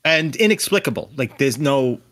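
A male podcast host talks in a loose, casual way at an ordinary mid pitch. He swears freely and recaps the story with quick acted-out asides. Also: lively intonation, a bit bright. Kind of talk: casual chat.

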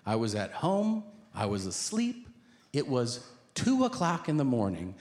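A man doing stand-up on stage, telling a story with drawn-out comic timing and acting out quotes. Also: mid-range voice, huge pitch swings. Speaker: stand-up comedian. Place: stage before a live audience. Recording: live show with hall noise.

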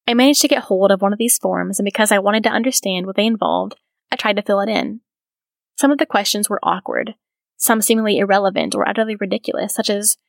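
Gravelly-voiced woman narrating a story. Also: medium pitch, dry recording. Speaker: podcast host. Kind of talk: reading a biography aloud with commentary.

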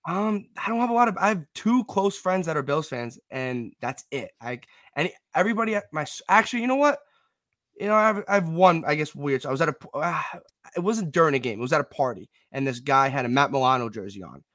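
A man's voice: on the high side, animated, brisk, fairly bright tone, no room sound. A young man who is a guest on a casual sports podcast, telling stories hesitantly and rambling. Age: young adult.

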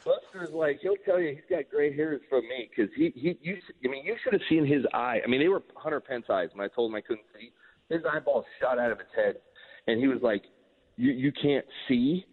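A middle-aged man, a former relief pitcher, telling a story in a casual interview and acting out the quoted dialogue as he goes. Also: brisk, husky. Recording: tinny phone-line sound.

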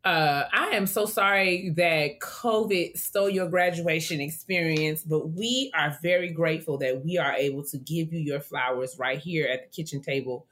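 A woman's voice: low voice, normal speed, hardly any pauses. A woman co-hosting a casual podcast, reading listener letters and cheering them on. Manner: warm affirming interjections, playful put-on voices. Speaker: podcast co-host.

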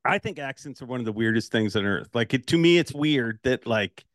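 A man's voice: medium pitch, expressive, a little fast, no echo, studio quality. A man from Ireland hosting a podcast, telling stories casually with lots of laughter. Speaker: podcast host. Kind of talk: casual interview chat.

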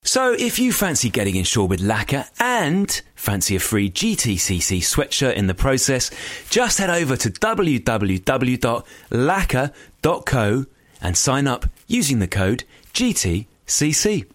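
A man's voice: medium pitch, a little slow, no echo. Podcast guy, sing-songy delivery, jokey and teasing, dry close sound. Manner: jokey, teasing, lively intonation. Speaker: podcast co-host. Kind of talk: casual chat and read ad.

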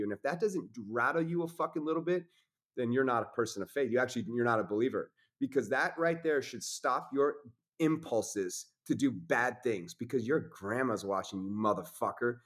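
Intense, profane man preaching honesty. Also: medium pitch. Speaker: podcast guest. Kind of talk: casual conversation.

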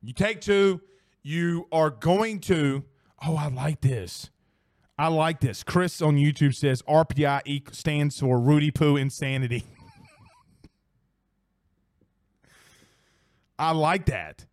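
A man's voice: fairly high pitch, slow, pauses often, darkish tone, no room sound, clean studio sound. A young man hosting a casual sports podcast, exclaiming and swearing as he reads viewer comments. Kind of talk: casual live-stream chat.

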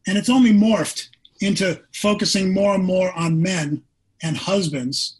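An older man with a high-pitched, husky voice recounts a personal story as a podcast guest. He is earnest and animated and acts out what people said to him. He speaks as a former pro quarterback. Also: measured pace, low-quality recording.

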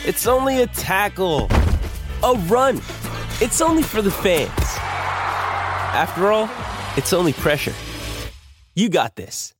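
A woman doing a dramatic sports ad narrator, slow, over music. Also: medium pitch, very animated. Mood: pumped up. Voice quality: exaggerated put-on accent. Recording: ad clip over loud music.

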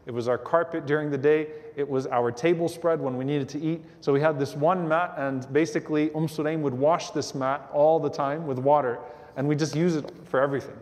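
A man giving a religious lecture, telling a story in an animated way and acting out the voices of the people in it. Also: a little high, a little fast, big-room sound. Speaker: Islamic lecturer.

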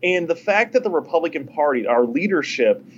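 An emphatic man joining an interview remotely. His voice sits a little high, and the line sounds dull and lo-fi. A faint hiss runs beneath him. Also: expressive, fairly quick. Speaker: guest.

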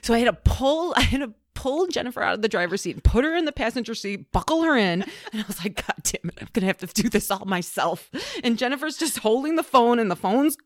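A woman co-hosting a podcast, telling a funny family story in a casual, animated way with lots of laughter. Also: a little high, fast talker, few pauses, dry recording, studio quality. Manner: animated, laughing, acts out quotes. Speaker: podcast co-host.

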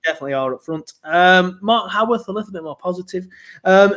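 A man's voice: high voice, lively intonation, fairly quick, fairly bright tone. A man hosting a casual football podcast, chatty and jokey, rambling with fillers and restarts. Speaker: podcast host.

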